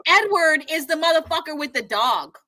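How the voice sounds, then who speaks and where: A young adult woman talks fast and casually on a livestream. Her voice sits high and bright. She swears freely and bursts into shrill quoted lines. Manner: animated, profane, acts out quotes in high shouts. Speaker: podcast co-host. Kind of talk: casual livestream show discussion.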